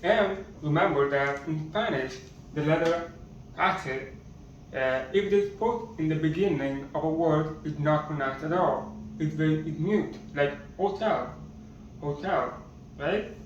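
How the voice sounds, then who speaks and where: A man teaching a basic language lesson at a slow, patient pace and repeating each word, recorded from a distance so it sounds muffled. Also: a little high, heavy reverb, a little hiss or hum. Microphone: camera or phone far from speaker.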